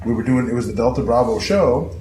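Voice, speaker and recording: A man guest telling his story in casual, rambling talk, swearing freely and acting out quotes with sudden jumps in pitch. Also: quick pace. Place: historic house indoors. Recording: echoey room, faint noise.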